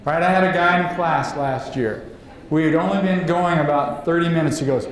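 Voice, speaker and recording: A man giving a lively live seminar to an audience, asking the room questions and acting out quotes. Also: on the high side, brisk. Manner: animated, acts out quotes, asks the room questions. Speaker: leadership trainer. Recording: very echoey room, faint noise.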